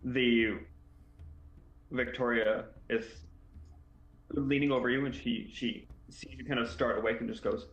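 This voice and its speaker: A man narrating a tabletop game as game master, halting with many fillers, over an online call. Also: mid-range voice, fairly even intonation, fairly bright tone. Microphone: computer mic, online call. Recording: echoey room, dull lo-fi sound, faint hiss.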